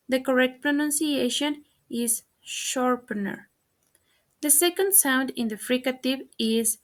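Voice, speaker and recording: A woman with a high voice works through a class pronunciation exercise. She reads each word with slow, deliberate care, sticking to a set pattern. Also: fairly bright tone. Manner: slow, careful, formulaic recitation. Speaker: student presenter. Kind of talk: pronunciation practice recitation.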